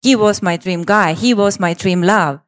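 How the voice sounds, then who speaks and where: A woman giving a storytelling speech on stage, swinging between hushed pauses and excited pleading, with repetitions. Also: medium pitch. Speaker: speaker presenting a personal story.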